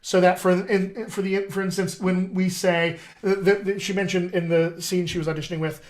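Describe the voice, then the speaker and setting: A man's voice: high-pitched, flat delivery, normal speed. A middle-aged man, a dialect coach, hosting a casual live-stream chat in an upbeat, salesy way and calling his viewers his friends.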